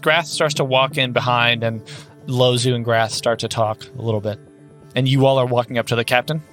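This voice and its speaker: A man's voice: medium pitch, fairly even intonation, fairly quick, a bit bright, soft background music. A man narrating as game master of a tabletop game, chatty with frequent fillers. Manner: chatty, filler-heavy, laughing.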